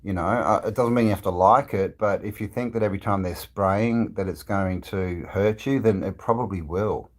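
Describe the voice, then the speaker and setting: Deep-voiced man chatting on a live stream. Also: moderate pace, hardly any pauses. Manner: rambling, relaxed, many fillers and restarts. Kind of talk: casual live-stream chat reading comments. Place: indoors, travelling.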